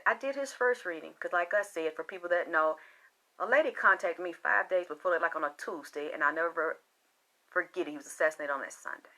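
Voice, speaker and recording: A woman's voice: lowish voice, a little fast, sharp tone. A woman working as a spiritual reader, talking in a casual, impassioned monologue that is rambling and full of swearing.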